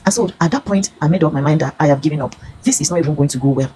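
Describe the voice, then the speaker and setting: A woman's voice: low voice, rapid-fire, noisy background. A Nigerian woman in her fifties giving an earnest, pleading personal testimony. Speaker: consumer reviewer.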